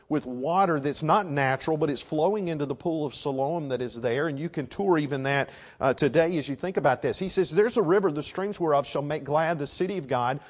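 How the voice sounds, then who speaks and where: A man preaching a sermon, dropping to a hush and then rising to loud shouted emphasis. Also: fairly high pitch. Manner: swings from hushed to shouting for emphasis.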